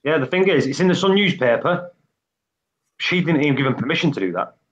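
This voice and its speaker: A man with a slightly raised pitch chats loosely as host of a live stream. He rambles from one thought to the next. The sound is dull and lo-fi, like stream audio. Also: lively intonation, a little fast. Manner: chatty, rambling. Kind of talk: casual chat.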